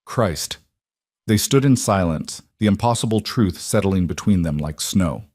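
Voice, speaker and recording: A man giving measured, scripted audiobook narration of a romance story. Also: low voice, animated, a little mellow, dry recording, clean studio sound.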